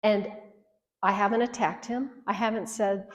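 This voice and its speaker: A woman's voice: medium pitch, steady tone, measured pace. A woman in her sixties giving an earnest marriage workshop talk, coaching and directly challenging her listeners. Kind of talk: workshop teaching. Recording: echoey hall reverb.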